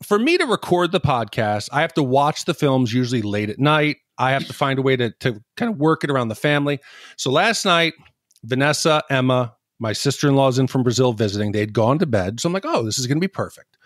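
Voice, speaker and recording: A man co-hosting a casual movie-review podcast, telling stories in an animated way and acting out scenes as he goes. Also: mid-range voice, brisk, no echo, clean studio sound. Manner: animated storyteller who acts out scenes. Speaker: podcast co-host.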